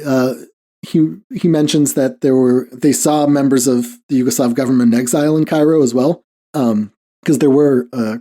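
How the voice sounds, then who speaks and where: Warm-toned and medium-pitched, this man tells a story on his podcast in a loose, rambling way, leaning heavily on "like" and letting out frequent small chuckles.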